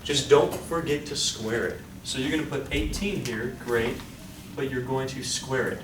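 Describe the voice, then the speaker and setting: A man of medium pitch and moderate pace gives an upbeat statistics lecture, quizzing the class and coaxing answers from students. The recording is echoey, with background noise and a distant mic.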